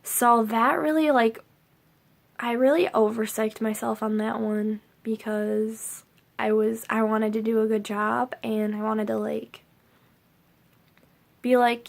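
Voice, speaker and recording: Slow, creaky-voiced young woman vlogger. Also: a little high, level tone. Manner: rambling, with many "like" fillers. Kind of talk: casual talk to camera.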